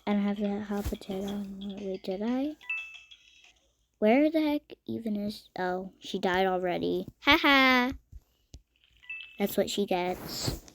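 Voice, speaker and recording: Dramatic young woman gaming, slow-spoken. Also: mid-range voice, a little mellow. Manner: dramatic, mock-angry, quick outbursts. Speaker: gaming vlogger. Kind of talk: casual gameplay commentary. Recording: game music behind voice.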